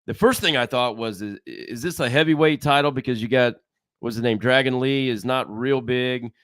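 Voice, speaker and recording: A man's voice: mid-range voice, normal speed, fairly bright tone, smooth, no echo, clean studio sound. A middle-aged man, a veteran wrestling guest, talking casually in a rambling, self-interrupting, folksy way. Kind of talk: casual podcast chat.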